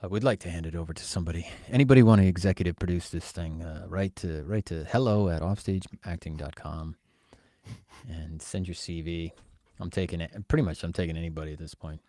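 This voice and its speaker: A man co-hosting a casual podcast, telling stories in an animated, joking way. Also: low voice, a little fast, dry recording, studio quality. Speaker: podcast co-host and producer.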